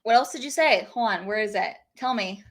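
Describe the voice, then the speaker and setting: A young woman hosting a casual interview, chatty and quick to laugh as she prompts her guest. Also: medium pitch, fairly bright tone. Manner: chatty, laughing, reading tweets aloud.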